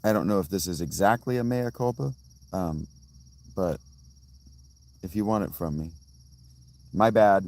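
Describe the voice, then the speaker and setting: A man's voice: low voice, unhurried, pauses often, darkish tone, a little hiss or hum. A man chatting casually on a live stream outdoors by a fountain, answering viewers' comments in a rambling, tangential way with many restarts. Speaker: livestreamer reading chat.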